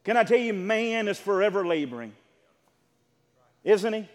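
A man preaching a sermon, swinging between quiet explanations and loud, emphatic repeated phrases. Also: high voice, expressive, a little slow. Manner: rising to loud emphatic repetition; drops to quiet explaining asides. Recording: long reverb of a large hall.

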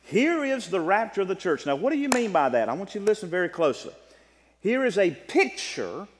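Guy preaching in a church, pitch swings all over, kinda high voice, big hall echo. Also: a little fast. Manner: animated preaching with rising and falling delivery. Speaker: pastor. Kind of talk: sermon. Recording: long reverb of a large hall.

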